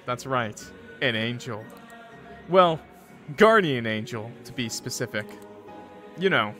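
Guy doing a smug teasing angel dude, sly drawl, middle pitch, faint music behind. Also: close to an everyday voice. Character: smug male guardian angel, cocky, teasing. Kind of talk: voicing game dialogue.

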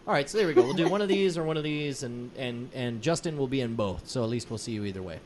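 A man's voice: mid-range voice, lively intonation, quick pace, darkish tone. A man hosting a live web show in casual chat, rambling, joking and laughing often. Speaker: host.

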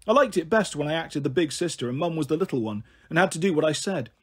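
A male storyteller reads a novel aloud in gentle, steady narration. His voice is high-pitched and husky, with a breathy edge. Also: fast. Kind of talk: storybook reading.

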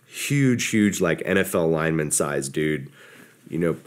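A middle-aged man with a very low voice tells a story in a relaxed, casual way. He pokes fun at himself and acts out the lines of the people in it. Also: moderate pace. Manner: relaxed, self-deprecating, quotes others in their voices. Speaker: podcast guest, former soldier.

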